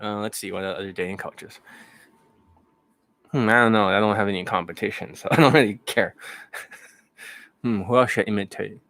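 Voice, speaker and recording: A man's voice: lowish voice, fairly even intonation, normal speed, creaky, pauses often, fairly bright tone, dry recording. A man hosting an improvised livestream, rambling, swearing and laughing as he talks. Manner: rambling, profane, laughing often. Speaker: dating coach, livestream host. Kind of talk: improvised casual livestream chat.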